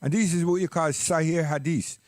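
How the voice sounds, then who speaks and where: A man telling a personal story slowly and reflectively, repeating words for emphasis. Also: fairly high pitch, fairly even intonation, a little mellow, no room sound, clean studio sound.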